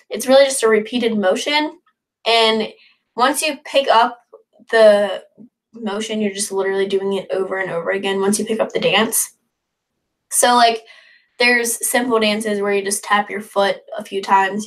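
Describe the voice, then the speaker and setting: Young woman, late teens, livestream host; casual, chatty, upbeat, rambling. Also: mid-range voice. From northern United States. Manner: chatty, rambling, upbeat, reads comments aloud. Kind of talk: casual livestream chat reading viewer comments.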